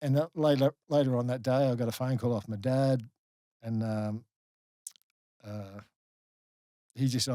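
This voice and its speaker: A middle-aged Australian man, a guest on a podcast, telling a personal story candidly, halting and restarting often. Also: mid-range voice, fairly even intonation, mellow, no echo. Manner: halting, many restarts, earnest. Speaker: guest, former rugby league player.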